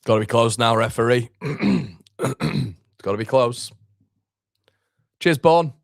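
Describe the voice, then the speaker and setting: A man's voice: mid-range voice, expressive, slow, creaky, dry recording, clean studio sound. A man hosting a live football watchalong, chatting casually, reading out viewer comments and reacting to the match. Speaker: fan channel host.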